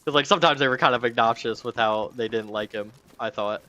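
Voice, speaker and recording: A man's voice: mid-range voice, fast talker, pushed and bright, highs cut off. A young man in casual chat while gaming, rambling with lots of fillers and swearing freely.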